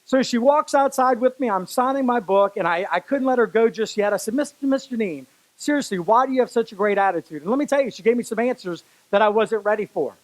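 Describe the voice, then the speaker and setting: A man with a notably high voice delivers a motivational keynote to a live audience. He tells stories, speaks directly to the crowd and drives points home by repeating phrases. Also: lively intonation, fast, poor audio. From Louisiana, US. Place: stage before a live audience.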